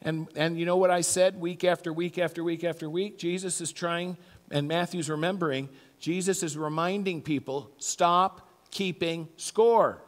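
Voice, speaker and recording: A man's voice: on the high side, fairly even intonation, moderate pace. Chatty male pastor in an echoing church. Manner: chatty, self-deprecating, acts out little voices. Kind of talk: conversational sermon. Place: church sanctuary. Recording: long church hall reverb.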